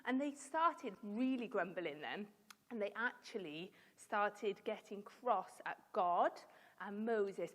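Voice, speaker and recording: A woman's voice: medium pitch, lively intonation, slow. A woman leading a children's Bible talk in a church, telling the story expressively and asking the children questions. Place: church hall. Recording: long reverb of a church hall.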